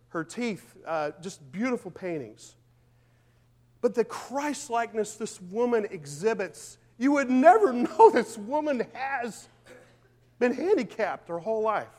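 High-voiced, fervent male preacher. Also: big-room sound. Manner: fervent, emphatic preaching with rhetorical questions; swings between loud declarations and quiet, low asides. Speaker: pastor. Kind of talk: sermon.

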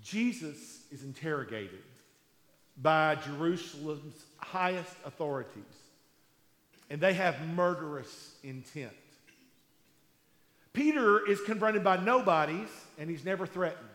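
A man preaching a sermon in a conversational storytelling way, with emphatic pauses, in a large hall. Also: a little high, a bit bright. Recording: echoey hall with long reverb.

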